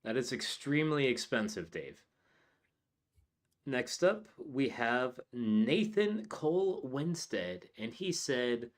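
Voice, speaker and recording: A man's voice: medium pitch, very animated, takes it slowly. A man co-hosting a comedy podcast, reading out listener jokes from the chat with laughs in casual talk.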